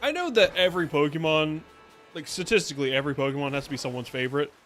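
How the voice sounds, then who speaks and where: Chatty higher-voiced man streaming a game. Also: quick pace, fairly bright tone, faint music behind. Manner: rambling and playful, often restarting sentences. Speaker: VTuber streamer. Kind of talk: casual gameplay commentary.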